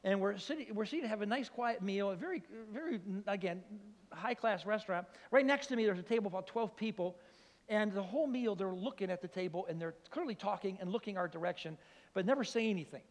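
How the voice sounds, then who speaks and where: An older man preaches in a church, spinning a funny story and throwing himself into every voice. His voice sits high, and a long reverb trails after him. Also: fast talker. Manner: animated comic storytelling, acts out voices. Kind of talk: storytelling sermon.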